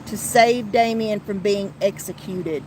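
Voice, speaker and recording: Slow, blunt woman podcaster. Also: mid-range voice, warm tone, a little hiss or hum, low-quality recording. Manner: blunt and heated, with frequent restarts and profanity. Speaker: podcast host. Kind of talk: casual commentary podcast.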